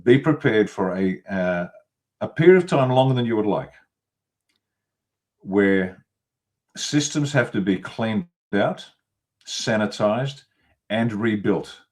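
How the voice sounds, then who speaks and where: A man speaks in a fairly low voice, blunt and emphatic, reeling off long lists as he makes his case. He is a guest in a political interview, talking over a video call. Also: expressive, slow, long pauses. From Australia. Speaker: guest commentator.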